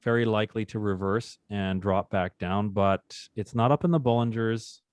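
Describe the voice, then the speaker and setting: A man's voice: on the low side, normal speed, darkish tone, no room sound. A man hosting a live trading session, talking through charts in a chatty, upbeat way and joking with the group. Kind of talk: casual live trading demonstration.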